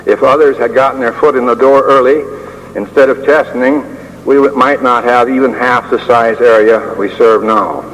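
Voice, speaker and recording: A man's voice: mid-range voice, steady tone, a bit bright. Older man speaking in a reverberant hall. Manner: measured, with dry humor and frequent uh pauses. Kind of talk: prepared speech. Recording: long hall reverb with faint hiss.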